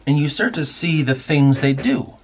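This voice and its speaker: A man's voice: on the high side, expressive, moderate pace. A man hosting a casual spoken monologue, rambling and musing aloud with plenty of swearing. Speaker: podcast host.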